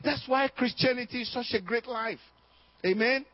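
A man's voice: very high-pitched, moderate pace. A man preaching a sermon as pastor at a church service. He stresses his points through repetition, rhetorical questions and a call of "amen?" to the congregation. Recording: dull, lo-fi dry recording.

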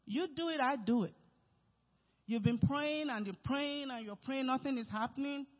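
A male pastor preaching a sermon, emphatic, with sudden swings between loud and soft. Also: very high-pitched, normal speed. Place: church sanctuary. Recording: reverberant hall, dull sound.

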